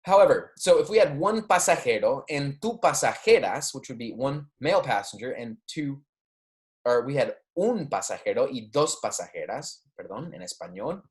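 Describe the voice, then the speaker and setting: A man teaching a Spanish grammar lecture, explaining patiently, checking in often with "okay?" and "right?", and pronouncing the Spanish examples slowly and clearly. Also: mid-range voice. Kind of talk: recorded classroom lecture.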